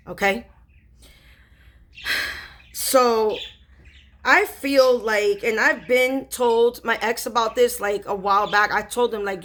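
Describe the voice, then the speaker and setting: A woman spiritual reader casually retelling a story in slangy, animated speech with lots of fillers. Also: fairly high pitch.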